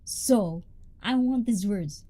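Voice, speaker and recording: A woman chats through a casual livestream, greeting viewers one after another. Her high voice swings widely in pitch, and its tone stays warm and mellow rather than sharp. She is loud, bubbly and talkative throughout. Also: expressive, slow. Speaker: livestream host.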